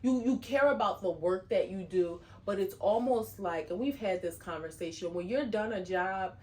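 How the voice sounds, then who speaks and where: A woman co-hosting a podcast, speaking gently and supportively to her partner, a little halting. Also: medium pitch. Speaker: podcast co-host. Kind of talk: casual chat.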